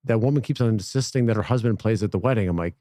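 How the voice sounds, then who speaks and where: A man's voice: lowish voice, racing. A man, a podcast guest, telling a long story in casual chat, acting out the voices of the people in it. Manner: animated, acts out quoted voices.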